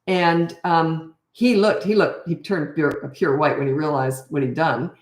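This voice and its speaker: A woman's voice: deep voice, fairly even intonation, normal speed. A middle-aged woman parenting coach talking casually through a live Q&A. She is tired and chatty, and often drifts off on tangents. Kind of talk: live Q&A chat. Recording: roomy echo.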